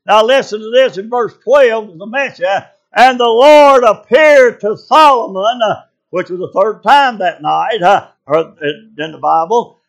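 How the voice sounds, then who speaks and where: A man preaching a sermon, fervent and full of "uh" fillers, calling out to his congregation. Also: high voice. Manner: fervent, with frequent "uh" fillers and call-outs to the congregation.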